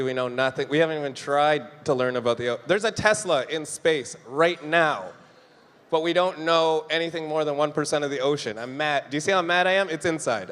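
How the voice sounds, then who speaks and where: A man's voice: a little high, a bit bright, clear, resonant tone. A young man from Canada doing a stand-up comedy set on a club stage, joking with the crowd and acting out quoted voices. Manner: jokey, talks to the crowd, acts out quoted voices. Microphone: handheld stage mic. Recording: live room with long reverb.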